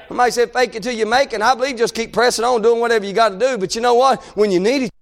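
Impassioned high-voiced preacher. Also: male voice, fairly even intonation, racing. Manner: impassioned, swings between shouting and hushed. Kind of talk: sermon.

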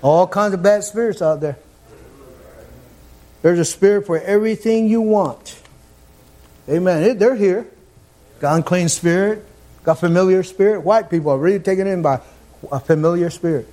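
A man preaching a fervent sermon, repeating his phrases and climbing toward near-shouts. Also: high-pitched, moderate pace, long pauses.

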